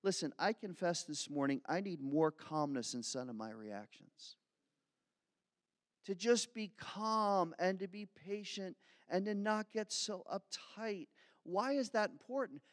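A man's voice: high voice, animated, measured pace. A male pastor from Philadelphia giving a conversational, self-deprecating sermon. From Philadelphia, USA. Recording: long hall reverb.

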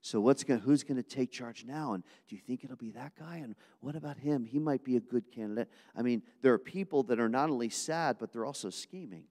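A man preaching a sermon to his congregation, swinging from hushed asides to loud, impassioned appeals. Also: medium pitch, animated, a little fast, few pauses, long reverb tail. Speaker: pastor.

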